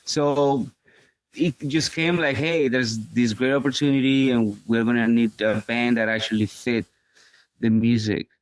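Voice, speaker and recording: A man drummer as an interview guest, telling the story in a relaxed way. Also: medium pitch, a little slow, no echo. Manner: relaxed storytelling, light laughs. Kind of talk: casual interview chat.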